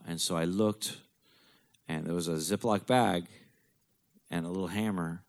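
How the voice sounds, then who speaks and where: Deep-voiced man telling a blunt story. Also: steady tone, unhurried, pauses often. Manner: blunt, profane, darkly joking. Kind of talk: personal storytelling.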